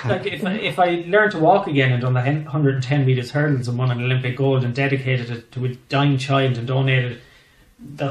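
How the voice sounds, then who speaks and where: An Irish man in a casual interview chat, swearing freely and telling animated stories. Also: mid-range voice, echoey room, low-quality recording. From Ireland. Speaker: guest comedian.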